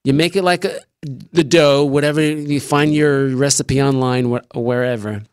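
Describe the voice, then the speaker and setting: With a steady, clear and resonant medium-pitched voice at normal speed, a show host walks viewers through a recipe on a casual live stream from his desk in a small room. He rambles, cracks jokes and speaks with food in his mouth, and the recording is dry and studio-clean.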